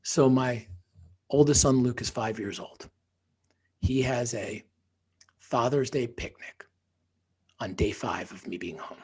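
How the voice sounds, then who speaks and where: A man's voice: medium pitch, takes it slowly, long pauses, a little mellow, breathy edge. A man who is a podcast guest and author, telling a personal story emphatically, sometimes dropping into a whisper for effect.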